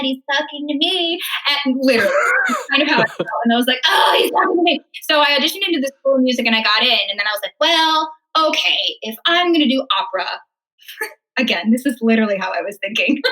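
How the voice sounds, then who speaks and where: A young opera singer from Illinois, in the United States, casually recounts her life story in an interview, acting out what she used to think and laughing often. Her voice is fairly high, pushed and bright, and the audio is poor.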